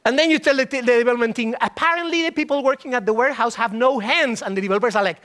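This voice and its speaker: A man giving a comic conference talk, telling a story and acting out the people in it with quick put-on voices. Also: very high-pitched. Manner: animated storytelling, puts on voices for characters. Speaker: conference speaker. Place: conference stage.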